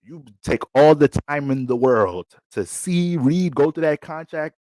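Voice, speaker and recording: A man's voice: fairly high pitch, unhurried, few pauses, warm tone, dry recording, clean studio sound. A man giving an astrology forecast in a casual, blunt and profane way. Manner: blunt, streetwise and heavy on profanity. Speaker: astrologer giving a sign reading.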